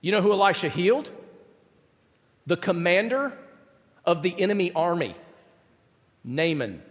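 A man preaching a lively sermon, acting out the voices of the people in the story with big swings in pitch. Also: measured pace, big-room sound. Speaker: pastor.

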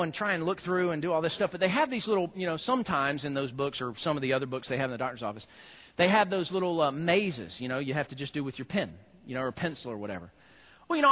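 A man, preaching a sermon in an animated storytelling way that swings from loud preaching to quiet asides. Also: a little high. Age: 30s. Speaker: pastor.

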